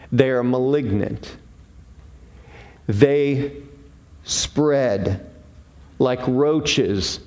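A man preaching a sermon, defining terms one by one with deliberate, emphatic pauses. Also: mid-range voice, darkish tone. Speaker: pastor.

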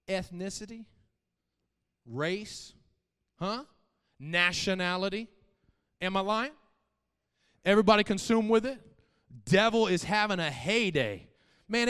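Very high-voiced man preaching a sermon. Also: in a large hall. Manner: animated preaching, swinging from soft asides to shouted peaks; repeats phrases for emphasis and talks straight to the congregation. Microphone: live-streamed church mic.

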